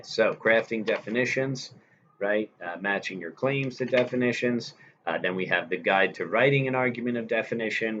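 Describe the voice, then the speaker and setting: Low-voiced man teaching a lesson. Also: a bit bright. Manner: explains step by step, checks in with "right?". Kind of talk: recorded lecture. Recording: slightly dull recording with faint hiss.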